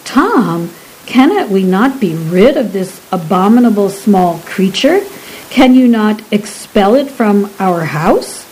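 A woman's voice: mid-range voice, animated, slow, darkish tone, poor audio. A woman voicing a wary, indignant Elizabethan wife who speaks in archaic exclamations.

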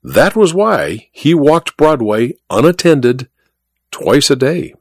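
Male narrator, expressive storybook reading, animated pitch, dry close mic. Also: slow pace, no echo. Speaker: audiobook narrator. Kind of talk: scripted narration.

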